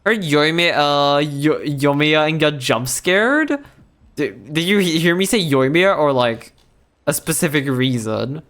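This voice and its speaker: A man's voice: fairly high pitch, animated, a little slow, fairly bright tone. A young man chatting casually while streaming a game, rambling with lots of fillers and restarts. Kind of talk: casual chat while gaming.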